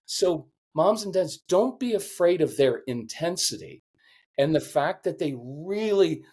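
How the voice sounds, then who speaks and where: An intense, animated man in his fifties with a voice that sits a touch high for a man. He coaches parents in a conversational interview, slipping in and out of little acted-out quotes. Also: a little slow, slightly rough. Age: 50s.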